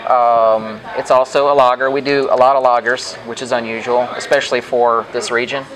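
A man working as a brewmaster, calmly explaining how the beer is made, with frequent ums and uhs. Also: mid-range voice, a little fast, crowd noise, rough recording. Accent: American. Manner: patient, knowledgeable, hesitant with ums and uhs. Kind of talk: explaining beer on a brewery tour. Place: brewery.

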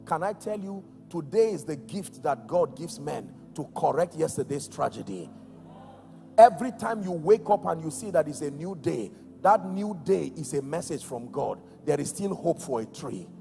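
Nigerian male preacher, high and gravelly, swings from shouts to hushed lines; echoey church hall. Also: animated, moderate pace, faint music behind. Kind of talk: sermon.

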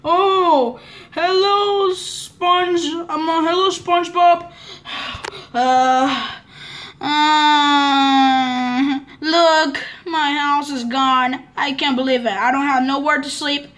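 A female speaker improvising a toy play-acting story in a halting, stammering way. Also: high-pitched, fairly even intonation, fairly bright tone.

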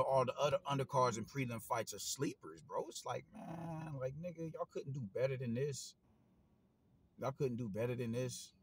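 A man, giving a casual opinion monologue as a boxing commentator, animated and slangy, swearing and repeating himself. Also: mid-range voice, slight background noise, low-quality recording.

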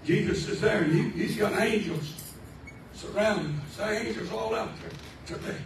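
High-pitched shouting preacher in an echoey church. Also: male voice, moderate pace, noisy background. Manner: fervent, shouting preaching with repeated praise cries. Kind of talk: revival sermon. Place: church sanctuary. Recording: echoey church hall, from far off, congregation around.

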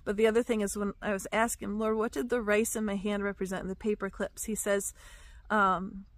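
A woman giving a reflective devotional teaching about her dreams, speaking softly and pausing with fillers. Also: medium pitch, flat delivery, no echo. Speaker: Christian teacher sharing dreams.

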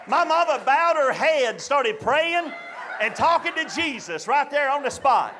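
A man's voice: very high-pitched, a little slow, crowd noise, background noise. A man telling a stand-up story to a live audience, acting out his family's voices. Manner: animated, acts out family voices. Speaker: stand-up comedian. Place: live comedy show venue.

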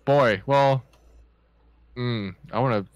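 A man's voice: mid-range voice, clean tone. A young man from the Netherlands with a Dutch accent, bantering in mock offense while streaming a game with friends. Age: young adult. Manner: animated, mock-offended, quick to laugh. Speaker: streamer and co-player. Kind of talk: casual gaming banter.

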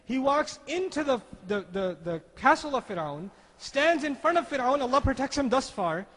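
A man giving an animated religious lecture, acting out the dialogue he quotes and reciting scripture between explanations. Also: extremely high pitch, normal speed. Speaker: Islamic speaker. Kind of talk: lecture on Quranic language. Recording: lecture hall with long reverb.

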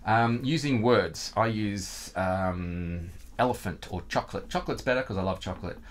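A man's voice: lowish voice, normal speed. A man, teaching guitar in a casual video lesson, chatty and self-mocking, sometimes singing rhythms with nonsense syllables.

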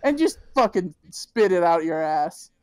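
A woman's voice: lowish voice, big pitch swings, measured pace, a little mellow, dry recording. A woman co-hosting a podcast in casual chat, joking and swearing freely. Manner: profane, joking, puts on silly voices. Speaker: podcast co-host.

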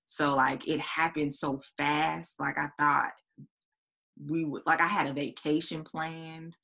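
A woman's voice: low voice, lively intonation, unhurried, creaky, pushed and bright. A woman in her thirties co-hosting a casual chat video. She talks in a chatty way, with lots of fillers, and acts out what she said to herself. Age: 30s. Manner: chatty, many fillers and quoted self-talk.

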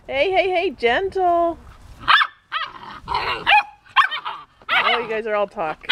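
High sing-song woman cooing at puppies. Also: very animated, extremely slow, long pauses, heavy background noise. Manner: sing-song baby talk, laughing often. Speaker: dog owner filming her puppies. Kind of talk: cooing at puppies while filming.

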